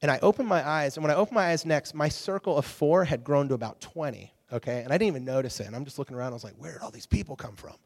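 A man preaches in a relaxed, storytelling way, acting out the people in his anecdote. His voice sits a little higher than most men's. The long reverb of a church hall trails after his words. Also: racing, creaky, hardly any pauses. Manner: animated storyteller, acts out quotes. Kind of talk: casual sermon with storytelling.

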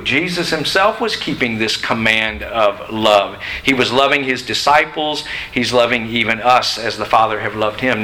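Bright-voiced man preaching a sermon. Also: mid-range voice, normal speed, low-quality recording. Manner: emphatic, questioning the congregation. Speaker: pastor. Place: church sanctuary.

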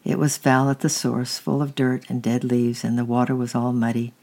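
A reader voicing a kind, patient aunt who gently comforts and coaxes a child and preaches a little. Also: mid-range voice, little pitch movement, moderate pace, natural voice. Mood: gently preaching.

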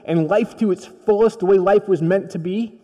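A preacher voicing a calm, hushed teacher. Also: male voice, high-pitched, moderate pace, lightly acted. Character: calm patient male teacher questioning his followers. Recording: long reverb of a large hall.

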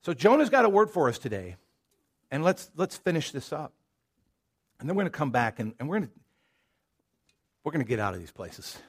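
A male pastor with a drawl preaches to his congregation in a casual, storytelling manner, trailing off into asides and restarting his sentences. His voice sits a little high for a man. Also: very animated, brisk, long pauses, breathy edge. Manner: folksy and conversational, with many restarts and asides. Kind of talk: sermon. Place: church sanctuary.

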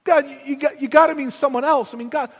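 A man's voice: very high-pitched, steady tone, quick pace, voice pushed up. A man voicing an anxious, stammering Moses who pleads with God, heard with long hall reverb. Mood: pleading, flustered.

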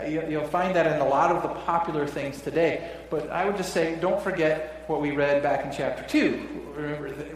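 A man preaching a sermon as pastor, conversational, often dropping his voice softly for emphasis. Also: on the high side, a little hiss or hum. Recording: echoey church hall from far off.

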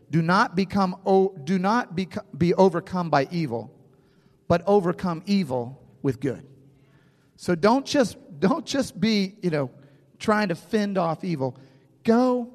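A man's voice: a little high, long reverb tail. A man preaching a sermon in a conversational way, often restarting phrases and checking in with his listeners. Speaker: pastor.

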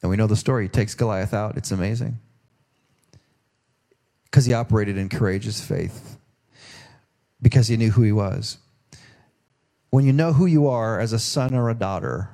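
A man's voice: on the low side, normal speed, gravelly, pauses often, warm tone. A middle-aged man preaching a sermon in a folksy, conversational way, often restarting his sentences. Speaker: pastor.

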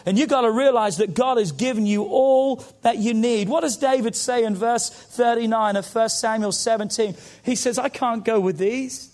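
Male pastor, high-pitched, impassioned sermon delivery with congregation call-outs. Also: normal speed, hardly any pauses, darkish tone. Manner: impassioned, rising and falling preaching with call-outs.

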